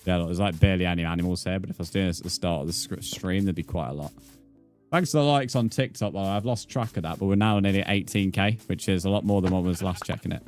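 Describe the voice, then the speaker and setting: A British man with a deep, low-pitched voice talks casually to his stream audience. He rambles along easygoingly, filling gaps with "like" and "uh", and reads out the chat. Soft music plays quietly in the background. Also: fast talker. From United Kingdom. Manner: easygoing and chatty, many fillers, reads out chat. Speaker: live streamer. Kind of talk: casual live-stream chat while playing a game.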